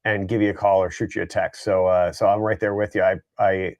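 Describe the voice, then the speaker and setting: A man's voice: low voice, level tone, a little fast. A man co-hosting a casual group chat, talking in an easygoing, rambling way with many fillers. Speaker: co-host.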